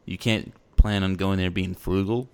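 Deep, gravelly-voiced man chatting on a podcast. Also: steady tone, moderate pace, darkish tone. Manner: rambling, loose and self-mocking, with playful put-on quotes. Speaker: podcast co-host. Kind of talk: casual chat.

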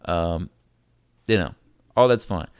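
A man hosting a casual sports podcast, rambling and animated, often acting out quotes from players and fans. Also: deep voice, takes it slowly, smooth, no echo, studio quality. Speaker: podcast host.

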